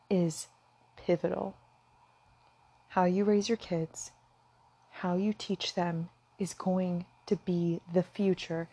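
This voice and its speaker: A woman's voice: mid-range voice, warm tone, slightly rough. A woman talking straight to her viewers in an earnest, impassioned way, at times close to tears. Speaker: vlogger. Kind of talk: emotional direct-to-camera talk.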